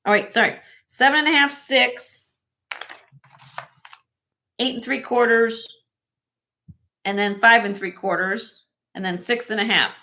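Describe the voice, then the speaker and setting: Woman host, live sale stream, quick item rundowns with friendly asides, bright tone. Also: on the high side. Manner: brisk item listing with chatty asides and restarts. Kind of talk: casual live-sale chat. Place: at home.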